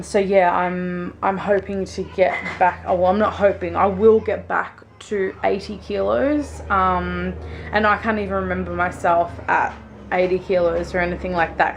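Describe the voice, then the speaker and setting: A woman's voice: on the low side, creaky, slight background noise. A young woman with an Australian accent, chatting casually to camera in a rambling, um-filled way. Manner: chatty, rambling storytelling with frequent ums. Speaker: vlogger. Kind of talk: casual chat.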